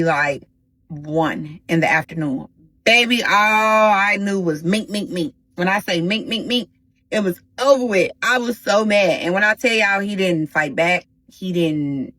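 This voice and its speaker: A woman hosting a casual storytime vlog, talking straight to her viewers in an animated, slangy way. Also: on the low side, no echo, poor audio. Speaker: storytime host.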